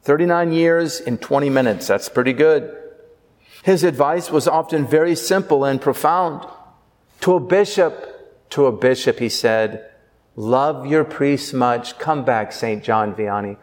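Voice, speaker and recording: A priest preaching a sermon with earnest delivery, slowing down for emphasis. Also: male voice, mid-range voice, big-room sound.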